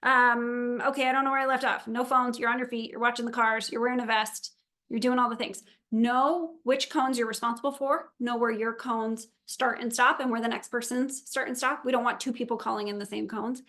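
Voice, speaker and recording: A woman's voice: fairly high pitch, level tone, brisk, fairly bright tone. A woman briefing a virtual meeting for event volunteers and drivers, upbeat, chatty and practical. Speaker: event organizer.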